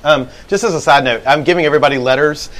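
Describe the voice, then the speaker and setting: A man's voice: a little high, fast talker, fairly bright tone, rough recording. A man co-hosting a live podcast, telling a story in a laughing, goofy way. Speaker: podcast co-host. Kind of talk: casual live podcast chat. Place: live event venue.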